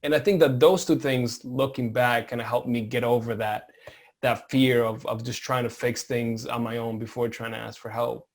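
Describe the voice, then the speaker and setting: A man talking reflectively about his work in a casual podcast chat, pausing and restarting his sentences. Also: mid-range voice, little pitch movement. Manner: reflective, halting, many restarts.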